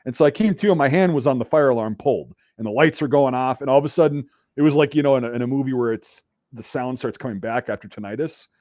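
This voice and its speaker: A man casually spinning a long profane anecdote, full of fillers and restarts. His voice is mid-pitched and sits in a dull, dry recording. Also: quick pace, darkish tone, no room sound. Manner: profane, rambling anecdote telling. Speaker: podcast host. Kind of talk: casual storytelling.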